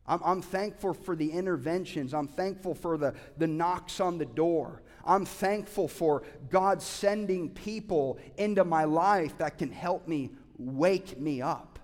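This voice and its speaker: A male pastor preaching a sermon with passion, swinging from loud urging to quiet asides. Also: fairly high pitch, unhurried, hardly any pauses. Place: church sanctuary. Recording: hall reverb.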